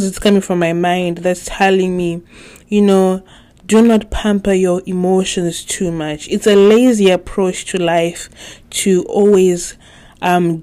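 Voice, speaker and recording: A young woman hosting her own podcast in a casual, chatty way, often laughing and pausing with fillers. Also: mid-range voice, warm tone. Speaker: podcast host. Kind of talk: casual solo podcast talk.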